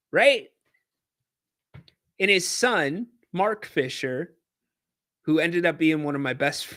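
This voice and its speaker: A man hosting a podcast, telling a casual story in an animated way and acting out shouted quotes. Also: on the high side. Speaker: podcast host.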